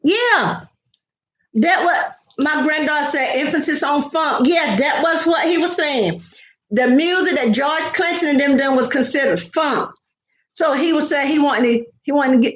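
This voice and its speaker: A woman's voice: high-pitched, moderate pace. An older woman, chatting playfully and rambling with repeated words on a casual home live stream. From American South. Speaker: vlogger. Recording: echoey, dull lo-fi home recording.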